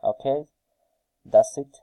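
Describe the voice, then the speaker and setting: A man reading intonation drill sentences aloud slowly and carefully for a phonetics task, with a few hesitant fillers. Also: dark tone, no echo, poor audio. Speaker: student recording a phonetics task.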